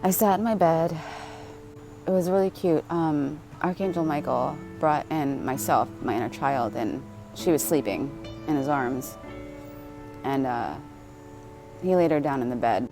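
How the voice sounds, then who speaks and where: A woman's voice: low-pitched, unhurried, over music. A woman telling a personal spiritual story in a rambling, casual way, swearing often and asking "right?". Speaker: spiritual vlogger.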